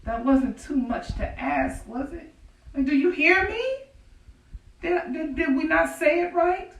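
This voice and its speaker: An actress voicing an enslaved widow from the old South pours her heart out to God in a stage monologue, earthy and defiant, with a slow, drawn-out delivery and a raised pitch. The sound is distant and echoey, as if taken from far off at an outdoor stage. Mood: bitter anger. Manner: folksy, confiding, breaks into rueful laughter. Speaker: stage actor in a historical monologue. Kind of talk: theatrical monologue, prayer to God. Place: outdoor performance on a farm.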